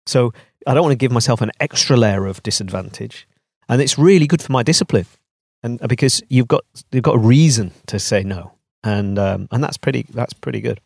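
A middle-aged man co-hosting a podcast, talking in a candid, relaxed and self-deprecating way. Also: medium pitch, brisk, vocal fry, husky, no room sound, clean studio sound. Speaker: podcast co-host. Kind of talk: casual podcast chat.

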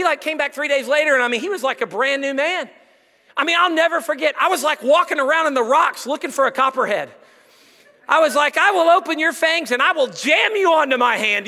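A male senior pastor preaching an animated sermon, breaking into shouts and acted-out quotes. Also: very high voice. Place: church sanctuary. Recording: long church hall reverb.

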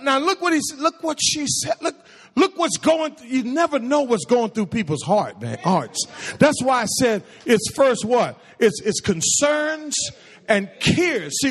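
A pastor preaching a sermon in a lively, conversational way, with playful asides and quoted voices acted out. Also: male voice, slightly rough. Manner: acts out quoted voices in a high pitch.

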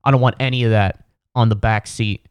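A man's voice: on the low side, fairly even intonation, a little fast, smooth, no room sound, lightly acted. A man doing a rude, touchy young driver. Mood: dismissive. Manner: dismissive, blunt.

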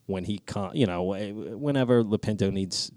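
A man telling a story on a podcast, animated and swearing a lot, his voice jumping high when he gets excited. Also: normal speed, dry recording, clean studio sound. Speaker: podcast co-host. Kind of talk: casual chat, storytelling.

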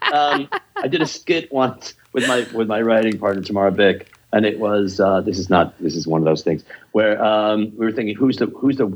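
A man talks through his years as an improv teacher with blunt, profane passion. His voice is husky and the recording sounds dull and lo-fi. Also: lowish voice. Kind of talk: casual podcast interview.

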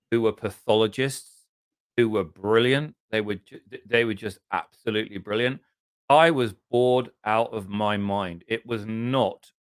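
A middle-aged man from southern England with an English accent, a podcast guest telling long, self-deprecating anecdotes in casual conversation and often clearing his throat. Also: mid-range voice, dry recording, studio quality. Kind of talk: casual interview storytelling.

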